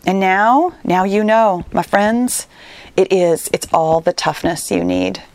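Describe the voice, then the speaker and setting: A woman's voice: medium pitch, a little mellow. A woman hosting a fitness podcast, telling a personal story in an earnest, encouraging way and speaking straight to her listeners. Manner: earnest, encouraging, with quick retellings.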